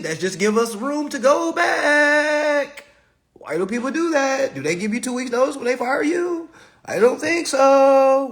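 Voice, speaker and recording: A man with a high, lively voice rants to his live-stream viewers. His pitch leaps around as he fires off rhetorical questions. He swears freely and lectures them. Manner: animated, profane, preachy, fires rhetorical questions. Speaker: online personal finance commentator.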